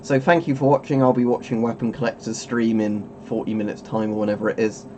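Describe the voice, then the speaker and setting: A man's voice: lowish voice, level tone, quick pace, warm tone, a little hiss or hum. Rambling man chatting on stream. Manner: rambling, chuckling, self-interrupting. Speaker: streamer host. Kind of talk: casual webcam stream chat.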